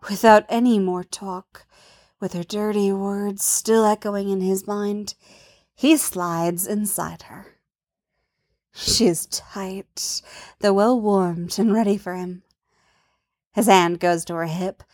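Slow, soft-spoken woman narrator. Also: medium pitch. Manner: soft, intimate, unhurried. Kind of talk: storybook narration.

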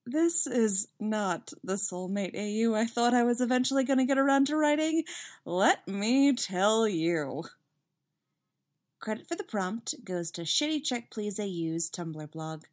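A woman reading a fan story aloud with lively, expressive narration. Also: a little high, moderate pace, few pauses. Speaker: fanfiction reader.

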